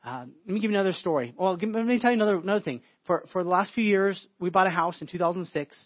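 A male pastor preaches in a quick, slightly high voice, piling up stories and stumbling over his own restarts. The sound is dry and close, a little dull and lo-fi. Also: no room sound. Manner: storytelling, repeats words and restarts often. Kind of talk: sermon. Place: church.

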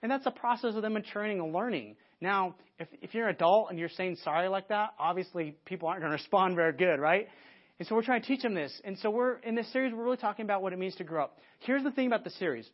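A man preaching a conversational sermon to a church audience, lively and often restarting his sentences. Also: sits high, quick pace. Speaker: pastor. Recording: dull lo-fi sermon recording.

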